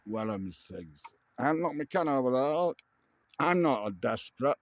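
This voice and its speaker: A man's voice: mid-range voice, lively intonation, dry recording. A tipsy middle-aged man, rambling and swearing casually through a vlog monologue. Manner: meandering, swears casually, slow drawl. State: tipsy from drinking. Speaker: vlogger. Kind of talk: rambling late-night monologue.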